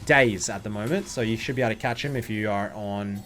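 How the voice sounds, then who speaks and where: A man's voice: fairly low pitch, brisk, a bit bright. A young man, jet lagged, rambling through casual gameplay commentary as a streamer with joking, sarcastic asides.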